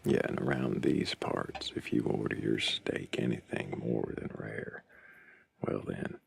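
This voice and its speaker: Guy putting on a super deep gruff texan local, slow folksy drawl. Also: full character voice.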